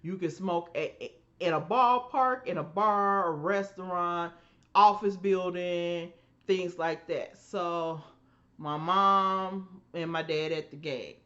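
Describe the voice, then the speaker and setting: A woman co-hosting a podcast, telling family stories in an emphatic, animated way and acting out the voices she quotes. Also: lowish voice, slow pace, dull audio. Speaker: podcast co-host. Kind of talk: casual storytelling chat.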